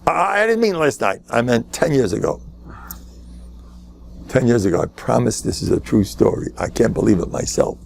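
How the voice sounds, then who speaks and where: An older man, a rabbi, giving a Torah lecture full of stories, with jokes thrown in and sudden high-pitched jumps for emphasis. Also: lively intonation, normal speed, gravelly, a little mellow.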